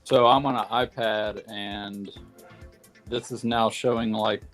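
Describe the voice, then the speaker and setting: A man's voice: fairly low pitch, steady tone, slow pace, faint music behind. A man joining a livestream and chatting plainly about his connection. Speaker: guest joining the stream. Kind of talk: casual chat.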